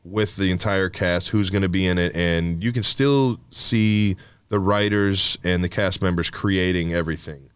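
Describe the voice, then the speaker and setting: A man's voice: low-pitched, normal speed, clean tone, no echo. A man co-hosting a podcast, talking in a rambling, casual way full of fillers and swearing. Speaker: podcast co-host.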